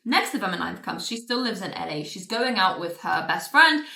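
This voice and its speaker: A woman's voice: medium pitch, very animated, vocal fry, bright, forceful tone. Sarcastic woman ranting about a book. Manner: exasperated, sarcastic, swears freely; rapid plot recap with filler "like". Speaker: book reviewer. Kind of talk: casual book review vlog. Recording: roomy echo.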